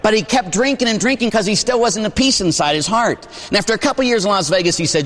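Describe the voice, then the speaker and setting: A man in his forties, a priest from Pittsburgh, preaches in a slightly raised voice. He tells stories in an easy, chatty way and checks in with the pews with a quick "huh?". A long reverb trails his words through the church. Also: high voice, animated, a bit bright. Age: 40s. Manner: conversational storytelling, frequent "huh?" asides. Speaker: Catholic priest. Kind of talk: sermon.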